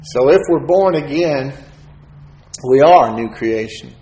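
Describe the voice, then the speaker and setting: A preacher shares his testimony in a sermon, telling it in a relaxed, folksy way at a measured pace and switching into the voices of the people he quotes. His voice is at an ordinary middle pitch, and the room around him echoes.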